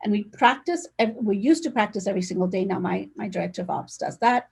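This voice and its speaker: Woman, interview guest, emphatic and direct, husky voice, gravelly fry, video call. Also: mid-range voice, fast talker, darkish tone. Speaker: real estate agent, guest. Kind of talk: casual conversational interview.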